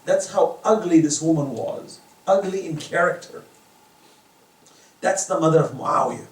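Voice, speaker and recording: Speaking at a measured pace in a fairly high voice, this man gives a fervent religious lecture at someone's residence, weaving storytelling into moral teaching. He is an Islamic lecturer whose volume rises and falls dramatically. The recording is distant and echoey, with slight background noise.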